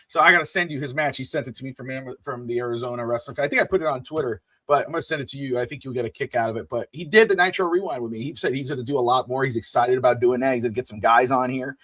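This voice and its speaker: A man co-hosting a wrestling podcast, chatting casually in an excitable, animated way. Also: mid-range voice, rapid-fire, few pauses, no room sound. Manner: excitable, animated, with playful bursts. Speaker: podcast co-host.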